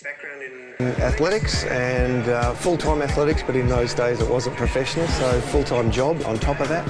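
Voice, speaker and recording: Matter-of-fact dad over loud music. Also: male voice, mid-range voice, normal speed. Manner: plain, matter-of-fact recollection. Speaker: father of the player. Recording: interview under loud music.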